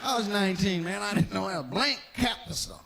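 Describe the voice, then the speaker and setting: Lively, high-voiced stand-up comedian. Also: male voice, quick pace, gravelly, slight background noise. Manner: animated, profane, acts out characters. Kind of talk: stand-up storytelling.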